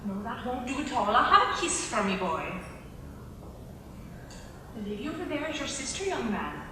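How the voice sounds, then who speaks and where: A woman's voice: on the high side, sing-song, normal speed, background noise. An actress on stage playing a chatty, teasing widowed mother who scolds her children, recorded from far off in an echoey theater hall. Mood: scolding. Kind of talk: stage musical performance.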